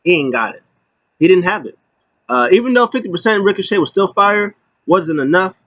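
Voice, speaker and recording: A man casually recapping a wrestling show, rambling and animated, with lots of fillers. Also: high-pitched, brisk, dry recording.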